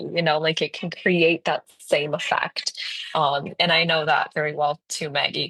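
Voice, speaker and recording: A woman's voice: deep voice, fairly bright tone, no room sound. A woman co-hosting a spiritual podcast, earnest and reassuring, talking with many "like"s. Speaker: podcast co-host. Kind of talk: casual chat.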